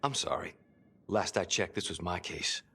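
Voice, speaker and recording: A man's voice: deep voice, animated, normal speed, gravelly, pushed and bright, slightly rough, exaggerated voice. An actor playing a cynical male police detective who sneers and swears at his colleagues. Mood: hostile. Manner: sneering, profane.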